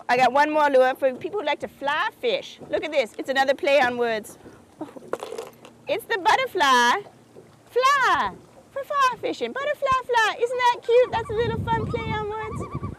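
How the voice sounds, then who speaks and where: Actress as a perky craft-show host, high, folksy and sugary; outdoors by a lake. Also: female voice, noisy background, natural voice. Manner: chirpy, folksy and sugary, keeps asking "isn't that sweet". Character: perky, oblivious small-town woman who hosts a craft show. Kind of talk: comedic public-access TV hosting.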